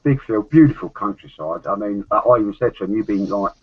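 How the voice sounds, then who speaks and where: A man's voice: fairly low pitch, expressive, fast talker, breathy edge. A man with a Cockney accent chatting casually on a podcast, rambling with loose asides. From London. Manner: chatty, rambling, swears and laughs often. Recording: dull lo-fi audio.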